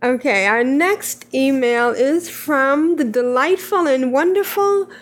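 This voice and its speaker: A woman's voice: high-pitched, expressive, takes it slowly. A woman co-hosting a casual gaming podcast, reading listener emails aloud with giggly asides. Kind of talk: casual chat.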